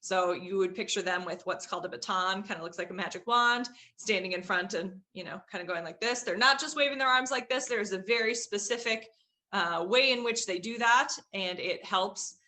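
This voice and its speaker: A woman's voice: mid-range voice, moderate pace, bright, forceful tone. A young woman giving a casual vocabulary lesson, chatty, with frequent fillers and hedges. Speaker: teacher.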